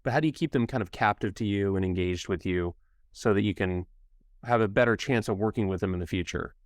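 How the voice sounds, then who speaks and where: A man's voice: fairly low pitch, a little fast, no room sound, clean studio sound. A man hosting a podcast interview over a remote call, asking friendly, loosely phrased questions. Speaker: podcast host. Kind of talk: casual interview talk.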